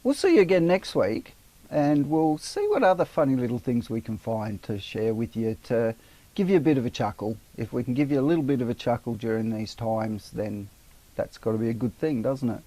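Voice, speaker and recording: A man's voice: mid-range voice, animated, brisk, dark tone. A man, co-hosting a casual weekly chat and joking about himself. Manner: jokey, self-mocking, chatty. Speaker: co-host of a weekly online chat show.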